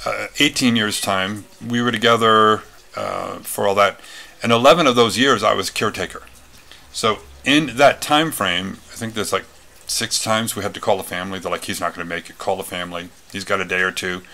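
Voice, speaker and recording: Gravelly, bright-toned man telling a story. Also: lowish voice. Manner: rambling, many fillers and restarts. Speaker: retreat speaker. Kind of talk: personal storytelling talk.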